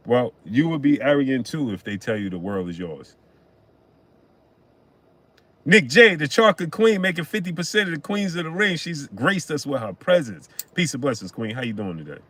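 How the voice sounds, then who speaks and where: A man hosting a casual boxing live stream, greeting viewers by name and chatting in an animated way. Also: medium pitch, a little fast. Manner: shouts out chat names, chatty and animated.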